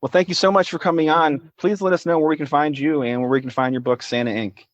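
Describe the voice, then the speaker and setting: A man's voice: on the high side, fairly even intonation, fast, no room sound, lo-fi sound. A man hosting a podcast from his apartment, chatting and signing off in a friendly, upbeat way. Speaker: podcast host. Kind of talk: casual podcast chat and sign-off.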